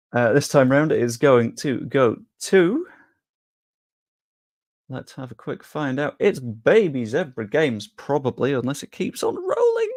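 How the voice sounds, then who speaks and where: A man's voice: mid-range voice, no room sound. A young man chats through a live stream in a loose, jokey way, often poking fun at himself. His voice sits in a middling register and is recorded close and dry, with no room sound. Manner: chatty, jokey, self-deprecating. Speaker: streamer hosting a sweepstake draw. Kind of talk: casual live-stream chat.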